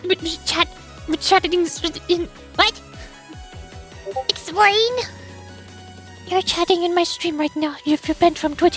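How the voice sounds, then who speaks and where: A woman streamer in casual chat who stammers and exclaims in an animated way. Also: extremely high pitch.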